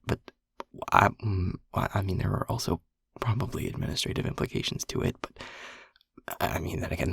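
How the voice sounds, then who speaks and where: A man's voice: fairly low pitch, gravelly, breathy edge, dry recording, studio quality, heavily acted. Stammering nervous air elemental, a man voicing him. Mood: nervous rambling. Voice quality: stammering, halting, repeats words. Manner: anxious, rambling, soft and hushed. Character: nervous shy male air elemental, young adult. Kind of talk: audio role-play confession.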